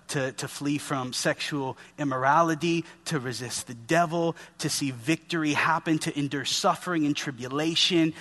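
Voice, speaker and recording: A man's voice: fairly high pitch, a bit bright. A man in his thirties preaching a sermon in an earnest, conversational way, speaking to his listeners as guys. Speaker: pastor.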